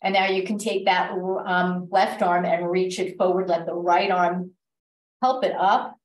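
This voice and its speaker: Soft-spoken woman leading a stretch class. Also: lowish voice, unhurried. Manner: calm, step-by-step cueing with gentle reminders. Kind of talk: guiding an exercise class. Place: library class room. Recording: echoey room, voice from a distance.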